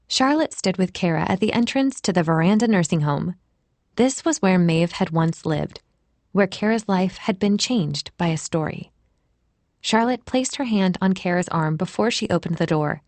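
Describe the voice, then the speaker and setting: A woman narrating an audiobook in a gentle, expressive way. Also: fairly low pitch, no echo. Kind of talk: scripted narration. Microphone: close studio mic.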